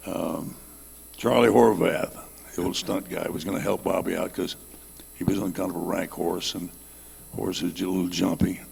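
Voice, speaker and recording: Older man, gravelly and husky, folksy yarn-spinner, roomy hall sound. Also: low voice, a little mellow. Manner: folksy, rambling, laughs at his own jokes. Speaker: panel guest telling a story. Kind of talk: storytelling on a reunion panel.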